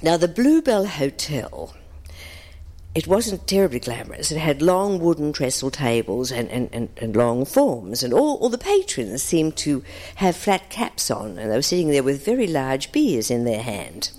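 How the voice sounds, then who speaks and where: A woman tells an amused, reminiscing anecdote and acts out the other people in it. Her voice sits a little low but swoops up and down a lot. A long reverb trails after her words. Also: sing-song, normal speed, warm tone. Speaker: storyteller.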